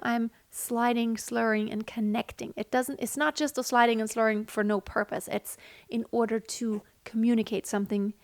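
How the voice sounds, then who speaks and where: A woman's voice: fairly high pitch, no echo. A woman singing teacher explaining vocal technique in an earnest, instructive way. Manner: earnest, instructive, sings examples between explanations.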